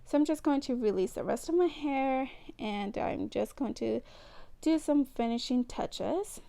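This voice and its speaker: A woman's voice: sits high, animated, a little slow, gravelly, dark tone. A young woman chatting casually and giggling as she talks through a hair tutorial, teasing herself when she slips up. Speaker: beauty vlogger.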